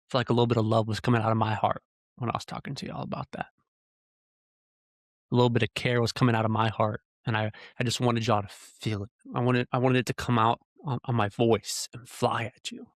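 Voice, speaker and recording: Fairly quick and fairly flat in pitch, this mid-range male voice belongs to a podcaster on a solo rant. He fires rhetorical questions with earnest heat into a close microphone, and the sound is dry.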